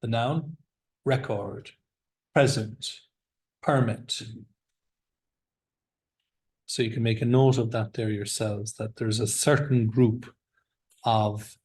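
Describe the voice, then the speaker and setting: A man's voice: lowish voice, little pitch movement, unhurried, a little mellow. A man teaching a classroom vocabulary lesson, encouraging his students and drilling the words aloud with them. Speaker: English teacher.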